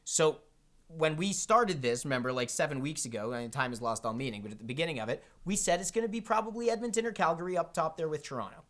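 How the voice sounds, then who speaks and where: A man's voice: a little high, lively intonation, fast, fairly bright tone. Teasing man chatting sports. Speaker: podcast co-host. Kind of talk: casual sports chat.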